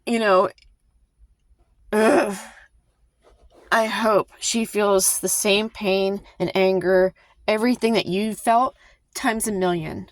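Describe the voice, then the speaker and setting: A woman talks straight to her viewers in a heated, emphatic vlog rant. She sighs, trips over her words and restarts, with her voice at a medium pitch. The sound is dry and close, with no room echo. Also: steady tone, slow, long pauses. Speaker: vlogger. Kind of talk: impassioned casual commentary to camera.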